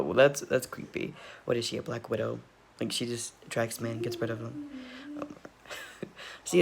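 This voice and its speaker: A man's voice: medium pitch, gravelly, a little hiss or hum. A man casually reacting to a video, rambling, laughing often and repeatedly apologizing.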